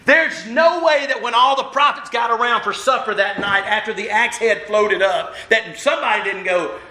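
A man preaching a sermon as pastor, animated, acting out the voices of the people he quotes. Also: high voice, moderate pace. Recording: roomy church echo.

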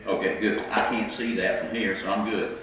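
A man's voice: on the low side, fairly even intonation, moderate pace, background noise. A man preaching an interactive sermon, conversational and questioning the congregation, with a congested voice from his sinuses. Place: church sanctuary. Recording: echoey room mic from a distance.

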